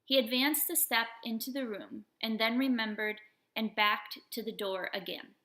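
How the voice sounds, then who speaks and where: A woman's voice: fairly high pitch, moderate pace, fairly bright tone. A woman reading a novel aloud and voicing its characters, and she sometimes breaks off to talk to her pets. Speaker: audiobook reader. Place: room in a manor house. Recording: echoey room.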